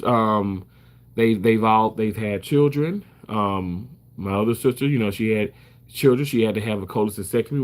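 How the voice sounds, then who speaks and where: Emphatic, swearing man talking to camera. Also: medium pitch. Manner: emphatic, repeats himself, swears freely. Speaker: surgical first assist. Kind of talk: casual talk to camera.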